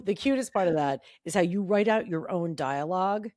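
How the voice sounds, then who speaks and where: A middle-aged woman co-hosting a podcast, reading an old teenage journal aloud and acting out the quotes in a bright voice. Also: fairly low pitch, animated, fairly quick, dry recording, studio quality. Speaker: podcast co-host.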